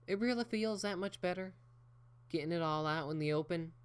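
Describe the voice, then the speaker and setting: A man's voice: high-pitched, fairly quick, clean tone, pitched above the performer's own voice, close to an everyday voice. A man voicing a plainspoken farm pony mare who talks with a folksy drawl. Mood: friendly.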